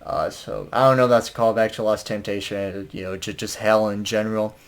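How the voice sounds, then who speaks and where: A man's voice: on the low side, level tone, brisk. A man casually reviewing an album, rambling with lots of fillers and restarts and chuckling now and then. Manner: chuckles while talking.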